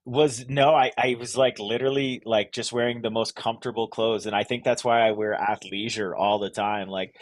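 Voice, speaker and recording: A man's voice: fairly low pitch, flat delivery, normal speed, hardly any pauses, dry recording. A middle-aged man from Vermont, a podcast guest telling his story in casual, rambling talk full of "like" and restarts. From Vermont, USA. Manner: rambling, lots of "like" and "you know", restarts.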